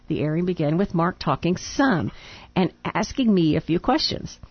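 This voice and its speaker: A woman's voice: on the low side, animated, moderate pace, breathy edge, no echo, lo-fi sound. A woman co-hosting a radio show, reading a listener's letter aloud and breaking off to laugh. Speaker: radio co-host.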